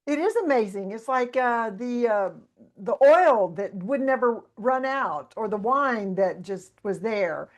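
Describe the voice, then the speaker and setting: A woman's voice: a little high, animated, unhurried. A woman hosting a podcast, affirming her guest in an encouraging way. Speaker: podcast host. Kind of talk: casual interview hosting.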